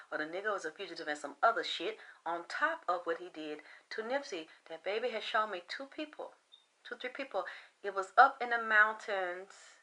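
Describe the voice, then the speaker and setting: A woman's voice: medium pitch, pushed and bright. A woman who works as a psychic reader, delivering a blunt, profane, emphatic unscripted rant. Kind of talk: unscripted ranting monologue.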